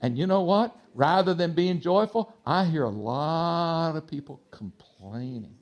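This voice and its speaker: A male pastor with a slight Texas twang preaching a sermon, swinging between loud exhortation and soft asides to the congregation. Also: on the high side, expressive, unhurried.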